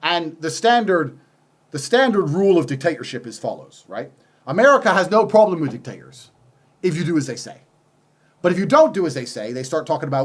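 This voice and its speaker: A high-voiced man rants fast and heatedly, swearing and piling on sarcasm. His pitch swings all over as he hammers his points home. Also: sing-song, slightly rough. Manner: heated, profane, emphatic, sarcastic. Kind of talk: conversational rant.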